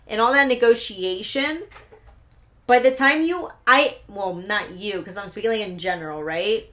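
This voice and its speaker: A woman's voice: a little high, normal speed, a bit bright. Rambling, profane woman podcaster. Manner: rambling, profane, laughing asides. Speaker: podcast host. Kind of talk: casual solo podcast storytelling.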